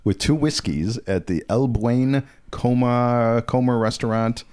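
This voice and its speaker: A man's voice: medium pitch, a little slow, a little mellow, clean tone. A man co-hosting a podcast, reading odd news stories in a teasing, casual way. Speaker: podcast co-host.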